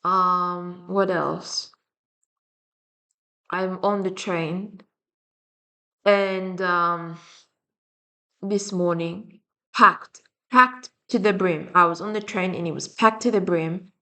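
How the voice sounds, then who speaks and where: This is a young woman with a French and Slavic accent, venting bluntly to camera in a casual vlog with plenty of swearing and rambling. Her fairly low voice sounds pushed and bright.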